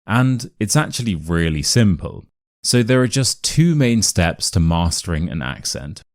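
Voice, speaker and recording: A man with a modern RP English accent giving a scripted pronunciation lesson, enunciating each word clearly and deliberately. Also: sits low, big pitch swings, no echo, clean studio sound. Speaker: accent teacher.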